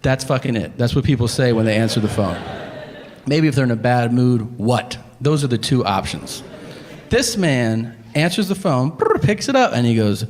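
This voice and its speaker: A man telling a stand-up story on stage, deadpan and exasperated as he acts out the dialogue. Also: medium pitch, moderate pace, a little hiss or hum. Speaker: stand-up comedian. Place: comedy theater stage. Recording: live theater hall with faint ambience. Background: audience laughter.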